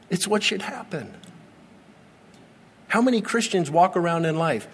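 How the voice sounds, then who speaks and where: A man in his forties preaching a sermon, earnest and repetitive, with dramatic slow pauses. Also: high-pitched, expressive, a bit bright, husky. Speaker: pastor. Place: church sanctuary. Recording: long reverb of a large church hall.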